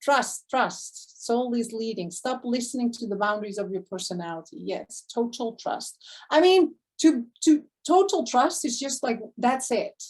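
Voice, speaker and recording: A woman coach giving an enthusiastic motivational live talk to her online community, effusive, with sudden gasps and quick swings between loud and hushed. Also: on the high side, animated. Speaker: spiritual abundance coach.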